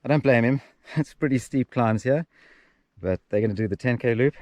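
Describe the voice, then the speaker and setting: A man's voice: mid-range voice, brisk, a little mellow, no room sound. A man guiding a trail run and narrating a vlog on desert hills, upbeat and joking as he explains the landmarks. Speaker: trail running tour guide. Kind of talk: outdoor vlog commentary.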